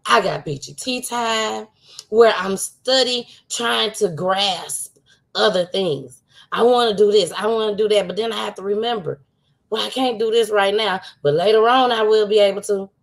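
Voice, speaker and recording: A woman's voice: mid-range voice, moderate pace, vocal fry. A woman hosting her own livestream show, talking in a casual, heartfelt way and laughing often, close to tears. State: tearful.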